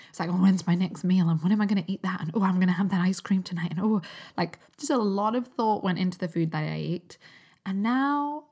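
A woman in her thirties, originally from Newcastle, hosting a solo podcast in a chatty, upbeat way and laughing often. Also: mid-range voice. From Newcastle, England. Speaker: podcast host and health coach. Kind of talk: casual solo podcast chat.

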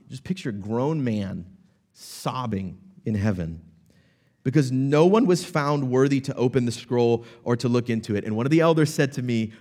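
A pastor preaching a sermon, telling the scene dramatically and moving from hushed to loud. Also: male voice, mid-range voice.

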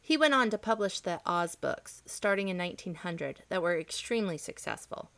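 A woman hosting a reading show, narrating a children's story in a gentle, expressive way. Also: lowish voice, moderate pace, gravelly. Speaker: storybook reader, host.

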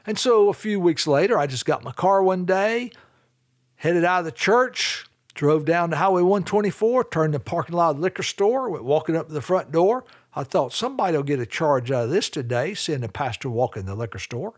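Middle-aged male Southern pastor, folksy anecdotal sermon delivery, voice somewhat high and very animated. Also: brisk. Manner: folksy anecdotal storytelling, acts out quoted voices. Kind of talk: storytelling sermon.

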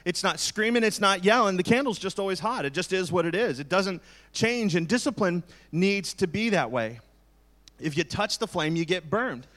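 Male pastor in his forties, fairly high voice, preaches candidly with jokes and asides. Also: animated, moderate pace, a bit bright. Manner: candid, joking, conversational preaching. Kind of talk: sermon.

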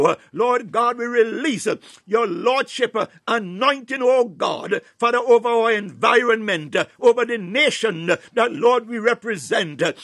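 Recorded with clean studio sound and no room echo, a prayer leader with a voice that sits high delivers a fervent, spontaneous morning prayer. He calls on God after each phrase, rises from hushed tones to near-shouts, and sometimes breaks into tongues.

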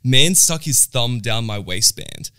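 A young man in casual chat with friends, candid and quick to laugh, swearing freely. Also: medium pitch, expressive, pushed and bright, smooth.

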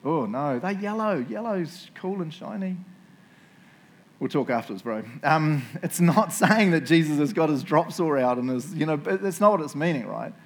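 Casual jokey New Zealand preacher. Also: male voice, on the high side, lively intonation, moderate pace. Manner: casual, jokey and conversational, often asking the crowd "right?" and "eh?". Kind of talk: sermon.

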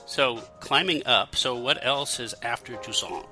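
Bright-voiced male podcast host. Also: medium pitch, unhurried, faint music behind. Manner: conversational, asks questions, many likes. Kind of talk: casual podcast chat.

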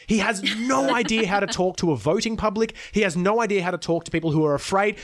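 A man in a casual political chat, ranting heatedly and swearing as he talks. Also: high-pitched.

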